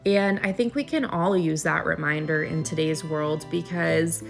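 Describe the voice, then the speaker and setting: A woman's voice: low voice, moderate pace, vocal fry, over music. A woman recording a casual voiceover at home, talking earnestly and rambling with frequent restarts. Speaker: vlogger.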